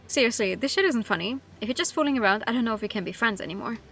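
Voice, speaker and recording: A woman's voice: fairly high pitch, lively intonation, racing, a bit bright, slight background noise. A woman reading as a blunt skeptical young man. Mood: doubtful.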